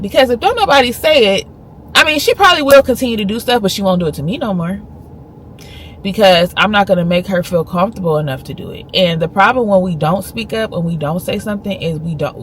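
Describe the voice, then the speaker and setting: A woman's voice: lowish voice, slight background noise. A woman in her thirties, a vlogger earnestly and emphatically retelling a conversation. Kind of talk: casual storytelling vlog.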